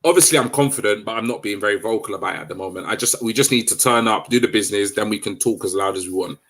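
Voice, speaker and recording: A man's voice: lowish voice, racing, fairly bright tone. A man co-hosting a casual football chat, thoughtful and a bit hesitant as he gives his views. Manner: thoughtful, hesitant, many fillers and restarts. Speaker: co-host.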